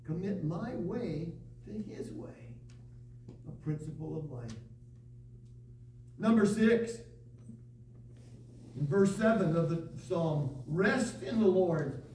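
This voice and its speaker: A man with a high, ringing voice preaches a sermon. He reads scripture and drives his points home with emphatic, repeated calls. He is heard from some distance in an echoey room. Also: lively intonation, slow, long pauses, dark tone, a little hiss or hum. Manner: preaching with rising emphatic repetition, reading scripture aloud. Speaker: pastor.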